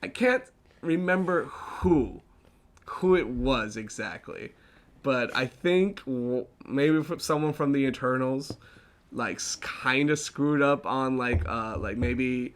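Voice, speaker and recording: A man's voice: medium pitch, slow pace. A young man hosting a casual chat show, rambling with fillers and restarts and laughing often. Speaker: podcast host.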